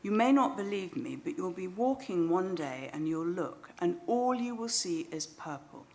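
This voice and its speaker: A woman's voice: lowish voice, lively intonation, moderate pace, mellow. A woman with a British English accent quoting an old female psychic who makes solemn, ominous pronouncements. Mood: prophetic.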